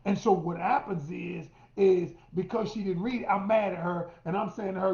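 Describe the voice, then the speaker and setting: A man's voice: sits high, fairly even intonation, moderate pace, creaky, few pauses, darkish tone. Middle-aged male relationship coach, emphatic and direct to listeners; roomy, dull lo-fi recording. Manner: emphatic, addresses listeners as y'all, acts out quotes. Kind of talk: coaching monologue to women.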